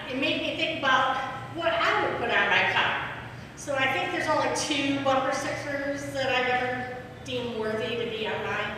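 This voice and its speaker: A woman tells stand-up stories in a chatty way and checks in with the crowd as she goes. Her voice is a bit high and comes from a distance in a very echoey, reverberant club with clear noise. It sounds like a live room, not a close recording. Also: sharp tone. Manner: chatty storytelling, asks the crowd questions. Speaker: stand-up comedian. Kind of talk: stand-up set. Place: comedy club stage. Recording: echoey club, heard from far off.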